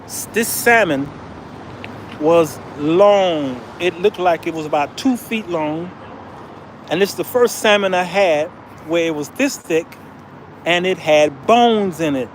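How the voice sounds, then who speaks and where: A man's voice: on the high side, lively intonation, slow pace, slight background noise. An American man hosting a casual travel vlog, telling a story with laughter and calling his viewers "y'all.". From United States. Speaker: vlogger, show host.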